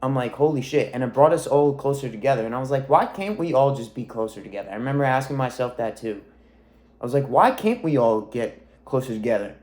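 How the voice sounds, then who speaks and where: A man's voice: medium pitch, lively intonation, quick pace, darkish tone. A young man in his twenties talking to camera in a rambling, reflective monologue, swearing freely as a weight-loss coach.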